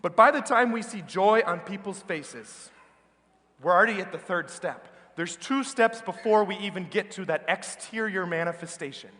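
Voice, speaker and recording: A man with an American accent preaching a sermon as a priest, earnest and emphatic, slowing down on key words. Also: sits high, sharp tone. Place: large church. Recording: reverberant church hall.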